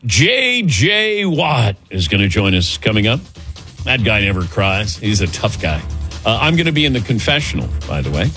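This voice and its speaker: A man's voice: on the low side, sing-song, moderate pace, pushed and bright, faint music behind. A man hosting a call-in radio show, chatting casually with co-hosts and callers. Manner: easygoing, fond of acting out quoted exchanges.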